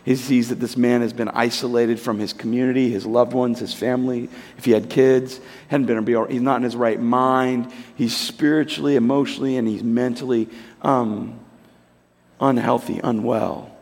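A man's voice: medium pitch, normal speed. Conversational male preacher, long hall echo. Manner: conversational, animated storytelling, acts out voices. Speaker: pastor. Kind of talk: sermon with storytelling.

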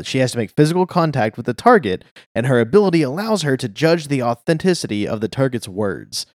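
A man's voice: mid-range voice, a little mellow, no room sound, studio quality. A man co-hosting a podcast, chatting easily about a comic and laughing along. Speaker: podcast co-host. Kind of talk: casual chat about a comic.

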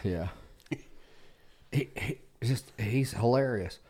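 A man's voice: medium pitch, takes it slowly, breathy edge. A man telling an anecdote in casual chat, acting out what his friend said. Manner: animated, acts out quotes. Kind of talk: casual storytelling.

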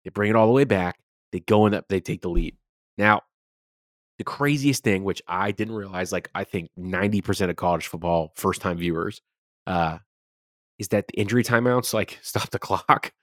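A man's voice: low voice, moderate pace, no room sound, clean studio sound. A man co-hosting a sports podcast, talking casually and animatedly, swearing freely as he rants about games. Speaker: podcast co-host.

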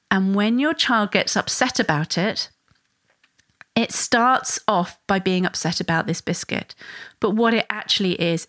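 A woman talks through a parenting podcast in a relaxed, conversational way, now and then slipping into quoted voices at a higher pitch. Her voice sits in the middle range and the sound is close and dry, with no room around it. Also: no echo. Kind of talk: solo podcast explanation.

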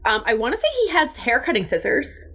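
A woman's voice: on the high side, big pitch swings, fairly quick, bright, forceful tone, faint music behind. Rambling, blunt woman podcast co-host. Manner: rambling, filler-heavy, blunt and swearing. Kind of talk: casual chat.

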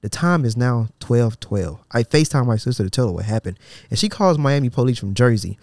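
A sarcastic man hosts a casual podcast, reading out a social media thread and breaking off to mock the poster in disbelief. His mid-range, darkish voice is lively in intonation and a little fast, with a loose, slangy delivery full of restarts. The recording is dry and studio quality.

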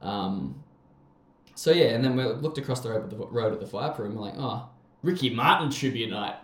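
A man's voice: on the low side, fairly quick, darkish tone, echoey room. A young Australian man with an Australian accent, telling rambling stories in casual chat, swearing and laughing often.

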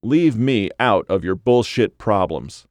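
A blunt, sarcastic male hiker who curses freely and grumbles at everyone, as the narrator reads him. The voice is very low and close, with a dry sound. It is a storybook figure with a sour, mocking tone. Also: expressive, slow pace, a little mellow, no room sound. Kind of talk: audiobook character voice.

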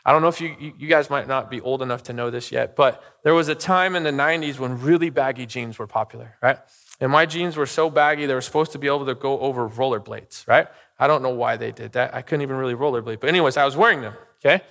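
A man's voice: mid-range voice, fast talker, vocal fry, fairly bright tone. A middle-aged man preaching a sermon as pastor, talking casually and telling personal stories, checking in with "okay?" and "right?". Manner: conversational, storytelling, frequent "okay?" and "right?" asides. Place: church sanctuary. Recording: long reverb of a church hall.

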